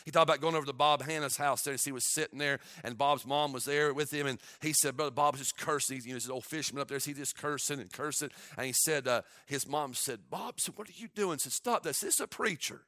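A male pastor preaching a sermon, moving between quiet storytelling and loud, shouted exhortation. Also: mid-range voice, fairly even intonation, fast, few pauses, dry recording, clean studio sound.

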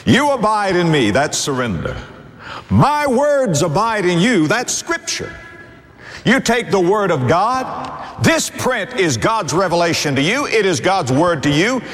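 A man preaching a sermon with emphatic rhetorical questions and sweeping pitch swings. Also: sing-song, a little slow, a bit bright, long reverb tail.

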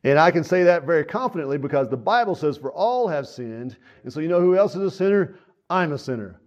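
A man preaching a sermon in church, with a slightly high, earnest voice and a folksy, repetitive delivery full of fillers. The recording is dull and lo-fi, with a muffled sound. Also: animated, quick pace. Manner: earnest, folksy, repeats phrases, frequent fillers. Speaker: pastor.

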